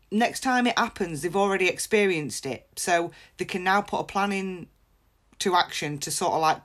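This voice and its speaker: A woman's voice: mid-range voice, fairly bright tone. A woman hosting a podcast, giving candid personal advice in a blunt, frank way and laughing often. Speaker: podcast host.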